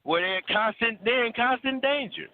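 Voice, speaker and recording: A man's voice: very high-pitched, moderate pace. Blunt, preachy man on a tinny line. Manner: preachy, blunt, profane, repeats words for stress. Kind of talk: casual call-in talk about relationships.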